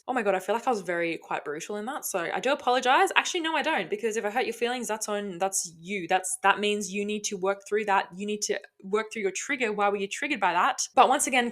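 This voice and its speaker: This woman hosts a casual solo podcast in a mid-range, fairly bright voice. She rambles bluntly and enthusiastically, swearing often and talking to herself.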